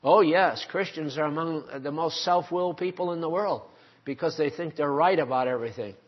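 A man's voice: a little high, fairly quick. An older man preaching a sermon, emphatic and full of rhetorical questions put to his congregation. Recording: dull lo-fi sermon recording.

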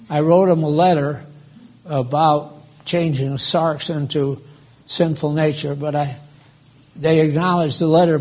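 A man's voice: on the high side, darkish tone, slightly rough. A man, likely older, preaching a sermon to his congregation in a plainspoken, conversational way. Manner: slow, plainspoken, addresses congregation directly. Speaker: pastor. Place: church.

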